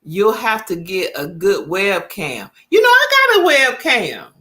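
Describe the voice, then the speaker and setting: A woman's voice: mid-range voice, wildly swooping pitch, unhurried, bright, forceful tone. A woman, chatting casually with viewers as host of her livestream. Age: 50s. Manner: chatty, talks straight to viewers.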